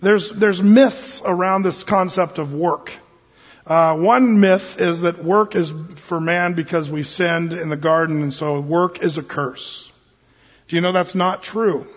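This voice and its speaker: High-voiced pastor joking through a sermon. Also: male voice, a little slow. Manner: joking, conversational preaching. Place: church sanctuary. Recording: reverberant hall, dull lo-fi sound.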